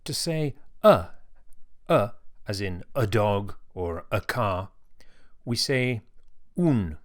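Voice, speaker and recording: A man teaching a beginner language lesson, modelling each word slowly and clearly for the learner to repeat. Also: fairly low pitch, lively intonation, soft background music.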